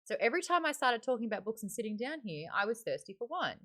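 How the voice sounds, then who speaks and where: A woman's voice: fairly high pitch, big pitch swings, fast talker, bright, forceful tone. An Australian woman hosting a live-streamed book club, chatting candidly with lots of fillers. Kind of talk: casual live-stream chat.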